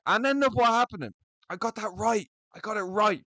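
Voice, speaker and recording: A man's voice: high-pitched, normal speed, no room sound. Blunt, swearing young man ranting. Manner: blunt, profane, animated. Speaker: MMA commentary vlogger. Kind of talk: opinionated solo rant to camera.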